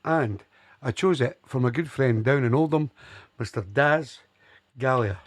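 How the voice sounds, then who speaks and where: A man's voice: medium pitch, a little slow. An older man hosting a soul music radio show, chatting casually, passing on messages and announcing records and dedications.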